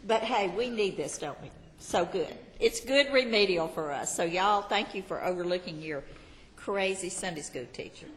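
A woman's voice: on the low side, lively intonation, normal speed, fairly bright tone, big-room sound. An older woman, teaching a Sunday school Bible class in a chatty, self-deprecating, homey way.

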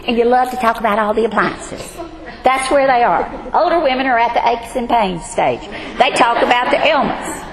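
A woman's voice: on the high side, normal speed. A woman, earnestly teaching a women's Bible study. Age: 60s. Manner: earnest, emphatic, emotional at times. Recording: hall reverb, faint ambience.

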